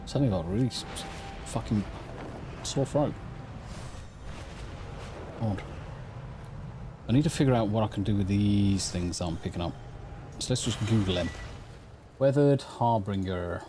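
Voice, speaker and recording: A man's voice: fairly low pitch, a little slow, long pauses, noisy background. An English man streaming live gameplay, chatting casually in a rambling, sweary way into a desk mic through a mixer.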